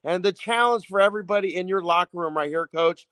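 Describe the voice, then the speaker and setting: Emphatic high-voiced male caller, dry sound. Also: fast talker, a bit bright, no room sound. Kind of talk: call-in remarks. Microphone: phone from the road.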